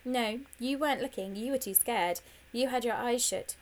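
A woman reading an audiobook, voicing a bossy, show-off schoolgirl who lectures and teases in a lively, raised voice. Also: on the high side, moderate pace, close to an everyday voice. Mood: teasing. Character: bossy know-it-all schoolgirl, smug show-off.

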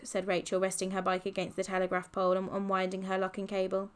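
A woman narrating a children's audiobook in a lively, expressive way. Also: mid-range voice, fast talker, few pauses, clean tone.

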